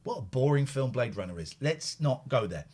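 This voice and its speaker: A man's voice: medium pitch, lively intonation, normal speed, a little mellow. A man hosting a live call-in show, chatting casually and joking as he goes. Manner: jokey, rambling, puts on silly voices. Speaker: host.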